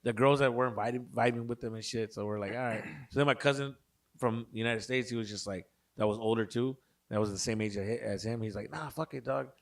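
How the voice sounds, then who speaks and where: A man's voice: fairly low pitch, fast. A young man hosting a podcast, telling a story casually, swearing often and laughing as he goes. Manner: profane, animated, laughs a lot. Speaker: podcast host.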